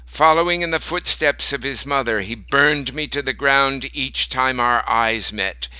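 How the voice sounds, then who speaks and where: A man reading a short story aloud as narrator, slow and deliberate. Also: medium pitch, pushed and bright, clear, resonant tone, dry recording, low-quality recording.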